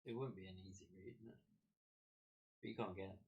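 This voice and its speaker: A middle-aged man answers in short, low-key replies as a guest on his partner's stream. His voice is very deep, and it sits farther from the mic than hers. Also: steady tone, a little fast, a little mellow, dull audio. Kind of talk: casual chat.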